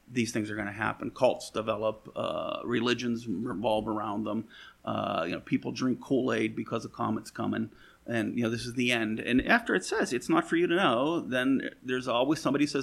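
Gravelly-voiced man teaching Scripture folksily. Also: medium pitch, fairly bright tone. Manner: folksy, rambling, full of "you know" asides; wry, dry sarcasm. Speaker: Bible teacher. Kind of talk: conversational verse-by-verse Bible teaching.

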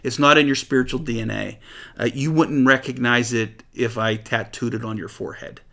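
A man leading an informal Bible study, reading scripture aloud and explaining it in a lively, conversational way with frequent laughs. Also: medium pitch, moderate pace, vocal fry. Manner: animated, laughs often, paraphrases scripture conversationally. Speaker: Bible teacher.

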